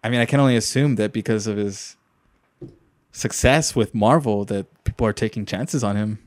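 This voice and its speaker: A man co-hosting a casual podcast about movies and shows, animated and quick to laugh, acting out quotes as he talks. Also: lowish voice, no room sound. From Los Angeles. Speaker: podcast co-host. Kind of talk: casual chat.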